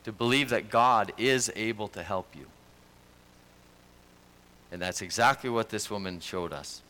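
A male pastor delivers a sermon at an unhurried, deliberate pace. His voice is lower-pitched for a man yet bright and forceful in tone. He preaches in an earnest, conversational manner.

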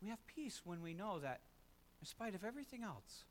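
A man's voice: high-pitched, very animated, brisk, a little hiss or hum. A man preaching a sermon as pastor, speaking emphatically, repeating key phrases and adding self-deprecating asides. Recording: long reverb of a large room.

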